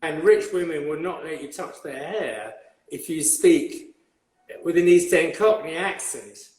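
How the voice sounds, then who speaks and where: A man's voice: fairly high pitch, darkish tone, reverberant, poor audio. An older man from England with an old-fashioned upper-class English accent, a hairdresser telling his story as a guest in an interview. He rambles and halts, repeating words often. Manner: rambling and halting, with many repeated words and fillers. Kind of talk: conversational interview.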